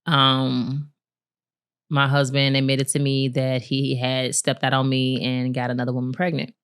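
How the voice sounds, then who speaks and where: Low-voiced woman telling a personal story. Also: measured pace, clean tone. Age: adult, married with a son. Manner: candid, animated retelling with laughs and acted-out quotes. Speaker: podcast co-host. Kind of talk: casual storytelling chat.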